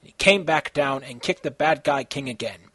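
Man, amateur story reading, halting, self-correcting, husky, dry sound. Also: mid-range voice, a bit bright, dry recording. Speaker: fan fiction author reading his story.

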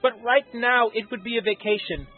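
A man with a husky voice reading the lines of a stern, short-tempered female starship captain in a story, recorded thin and tinny. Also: very high voice, normal speed, faint music behind. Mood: curt.

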